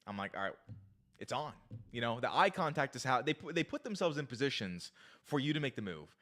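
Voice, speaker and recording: A man's voice: mid-range voice, quick pace. A man giving dating advice through an eager story, acting out the dialogue. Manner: eager, animated, acts out dialogue.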